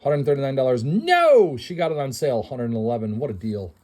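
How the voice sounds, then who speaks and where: A man's voice: mid-range voice, quick pace, mellow. A middle-aged man hosting a casual, enthusiastic walkthrough of a house before an estate sale, chatty and self-deprecating. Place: inside a house, walking through rooms.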